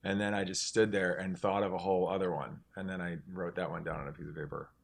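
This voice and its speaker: A middle-aged man with a notably deep, low voice talks casually as an interview guest. He rambles and restarts his sentences, filling gaps with "like" and "um" as he works toward his point. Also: little pitch movement, quick pace, gravelly, breathy edge. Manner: rambling, many restarts and "like" fillers. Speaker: singer-songwriter guest.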